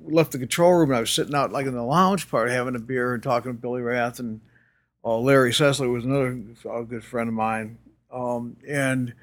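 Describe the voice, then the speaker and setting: An older man telling anecdotes in an interview, rambling with many fillers and restarts and laughing often. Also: a little high. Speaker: interview guest. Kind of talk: casual storytelling.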